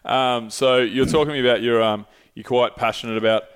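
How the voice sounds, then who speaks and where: A man's voice: medium pitch, steady tone, normal speed, clean tone. A man with an Australian accent hosting a podcast, talking in a loose, rambling way, swearing freely and often losing his thread. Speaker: podcast host. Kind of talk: casual chat.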